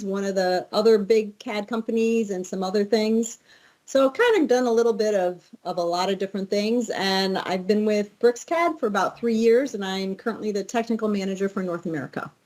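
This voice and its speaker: Woman on a podcast, plain mid voice, calm and matter of fact. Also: mid-range voice, brisk. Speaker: podcast guest, technical manager. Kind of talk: casual interview answers.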